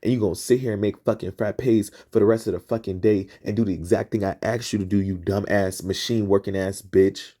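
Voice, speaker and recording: Man, podcast host, heated rant, profane, repetitive, husky voice, low pitch. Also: a little fast, few pauses. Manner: rising pitch when excited.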